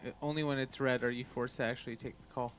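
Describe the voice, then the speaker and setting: Pria pemandu game yang tenang dan singkat. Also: male voice, mid-range voice, fast talker, slight background noise. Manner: calm, coaching, short replies. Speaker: streamer co-host. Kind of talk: casual gameplay commentary.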